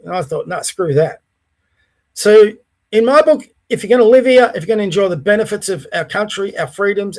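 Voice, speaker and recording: A middle-aged man with an Australian accent rants on his own podcast in a blunt, salty way. His voice sits high for a man, and he talks with plain, coarse bluntness. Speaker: podcast host. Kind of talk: ranting solo commentary.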